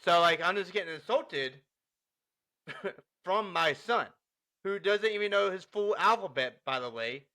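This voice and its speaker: Young man, bright voice, fairly high pitch, animated storyteller, laughs a lot, casual podcast chat. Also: unhurried, long pauses. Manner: animated, laughing, acts out dialogue. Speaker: podcast co-host.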